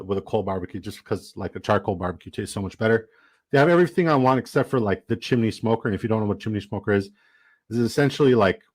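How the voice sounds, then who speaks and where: A young man with a fairly low voice tells a story to his live stream viewers. He rambles casually and animatedly, leaning on "like" as he goes. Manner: animated, rambling, heavy use of "like".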